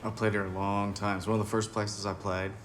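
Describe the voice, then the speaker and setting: A man's voice: lowish voice, fairly quick, a little hiss or hum. A man, a musician being interviewed, telling stories casually and acting out the voices of people he met. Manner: animated, acts out people's voices in his stories. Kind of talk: casual storytelling.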